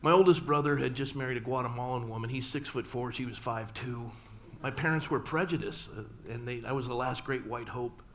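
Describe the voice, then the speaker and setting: A man's voice: medium pitch, fairly quick, hardly any pauses, a little hiss or hum. Man preaching a personal story. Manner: storytelling, acting out family dialogue with humor. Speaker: pastor. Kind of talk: sermon. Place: church sanctuary.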